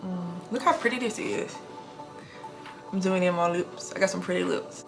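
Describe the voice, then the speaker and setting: A young woman in her twenties talking fast and casually while getting ready in her bathroom, recorded on a camera mic. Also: lowish voice, over music. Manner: talks fast without pauses, breathy between sentences. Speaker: nurse vlogger. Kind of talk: casual get-ready-with-me vlog. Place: home bathroom.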